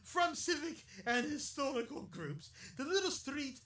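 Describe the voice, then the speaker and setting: A man's voice: very high-pitched, very animated, a little slow, pushed and bright. A man hosting a rambling solo podcast, chatty and jokey, laughing often and drifting into silly asides while reading out local history. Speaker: podcast host. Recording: echoey room, distant mic.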